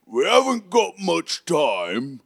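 A man voicing a huge hulking giant who speaks loudly and slowly, higher than his own voice. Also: wildly swooping pitch, gravelly, exaggerated voice. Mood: urgent.

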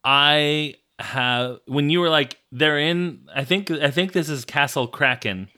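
Bright-voiced young man, rambling. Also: a little high, slow pace. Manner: rambling, stumbles over his words. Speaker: podcast co-host. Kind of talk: casual chat.

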